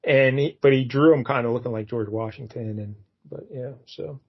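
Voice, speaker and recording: A man's voice: mid-range voice, normal speed. Rambling man reviewing comics, lo-fi sound. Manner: relaxed, rambling, acts out comic dialogue. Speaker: podcast co-host. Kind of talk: casual comic book review chat. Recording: dull lo-fi podcast audio.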